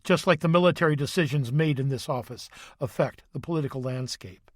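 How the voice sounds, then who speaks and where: A man reading a grave, authoritative male president in an audiobook, measured and somber. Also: fairly high pitch, dry recording, clean studio sound, close to an everyday voice.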